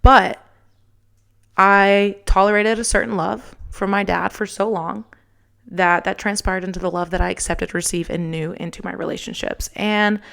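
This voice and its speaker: A young adult woman hosting her own show, telling a personal story in an animated, frank way with casual swearing. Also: medium pitch, normal speed, vocal fry. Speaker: podcast host.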